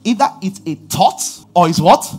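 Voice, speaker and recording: A man preaching a sermon, swinging from shouted lines to low murmurs as he reads and explains scripture. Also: animated, normal speed, slightly rough, soft background music.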